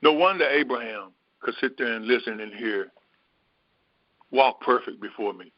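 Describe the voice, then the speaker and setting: Middle-aged man, mid pitch, reflective Bible teacher thinking aloud; dull dry lo-fi take. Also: no echo. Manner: unhurried, repetitive, musing aloud. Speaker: spiritual teacher.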